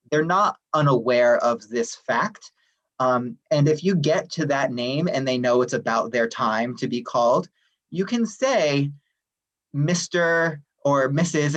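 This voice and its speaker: A man presenting at a staff workshop, explaining at a steady, friendly pace with frequent "um" fillers. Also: mid-range voice, highs cut off. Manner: friendly, even, many "um" fillers. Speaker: workshop presenter, administrative assistant. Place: online workshop session.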